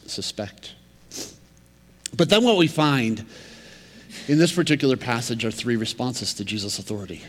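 A male pastor preaching a sermon in a conversational yet emphatic way, swinging between loud and quiet passages. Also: medium pitch. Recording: long reverb of a large hall.

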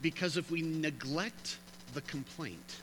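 A man's voice: fairly high pitch, lively intonation, a little slow, fairly bright tone, a little hiss or hum. A man preaching a sermon, reading scripture aloud with emphatic rises and chatty asides to his listeners. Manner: emphatic, reads scripture aloud with rising intensity. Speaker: pastor.

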